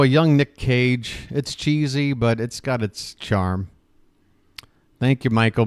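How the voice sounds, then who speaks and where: A male live stream host rants in loose, sarcastic chat, jumping up in pitch when something annoys him. His voice has a middle pitch and sits close and dry in the recording, with no room sound around it. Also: clear, resonant tone, no room sound. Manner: ranting, animated and sarcastic. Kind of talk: casual livestream chat.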